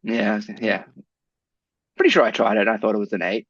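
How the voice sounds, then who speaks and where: A man's voice: fairly low pitch, expressive, brisk, fairly bright tone, husky, dry recording, highs cut off. A man co-hosting a podcast in casual chat, joking around, laughing often and asking questions. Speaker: podcast co-host.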